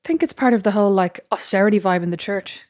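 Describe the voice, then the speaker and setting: Irish woman co-host, quick-fire teasing banter, dry close mic. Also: medium pitch, darkish tone, no echo. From Ireland. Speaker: podcast co-host. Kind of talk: casual chat.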